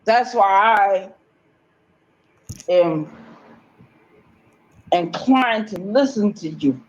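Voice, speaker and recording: A woman's voice: medium pitch, lively intonation, drawn-out words, muffled recording. A woman talking in an agitated, rambling monologue, emphatic and swearing often, repeating herself.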